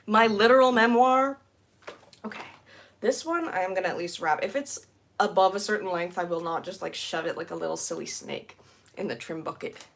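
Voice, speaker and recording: A young woman live streaming while she cleans, chatting casually with giggly, rambling asides and excited squeals. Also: on the low side, fairly quick, vocal fry. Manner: bubbly, squealing excitedly at new members.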